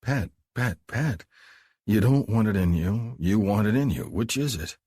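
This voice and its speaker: A man voicing a controlling former soldier in an audiobook, speaking low and slow, often dropping to a hush. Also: animated, breathy edge, no echo, clean studio sound. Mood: commanding.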